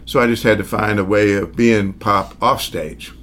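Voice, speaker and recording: Older man, Southern accent, low voice, relaxed, chuckling, faint background hum. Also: normal speed. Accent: Southern American. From American South. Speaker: magician. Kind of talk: casual interview.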